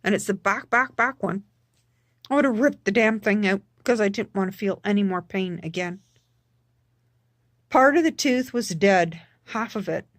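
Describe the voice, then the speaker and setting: A woman talking casually in a personal vlog, halting with frequent restarts and repeating words for emphasis. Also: medium pitch, dry recording, studio quality. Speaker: vlogger.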